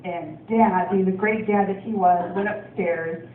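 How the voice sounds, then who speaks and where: A woman's voice: medium pitch, fairly even intonation, a little slow, a little hiss or hum. A woman from Portland, Oregon, doing a stand-up comedy set, rambling with lots of ums and laughs. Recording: distant, echoey, phone-like club recording.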